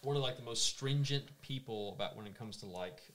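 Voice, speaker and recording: A man's voice: mid-range voice, a little fast, fairly bright tone. A young man hosting a casual podcast chat, rambling through stories and swearing casually. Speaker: podcast host.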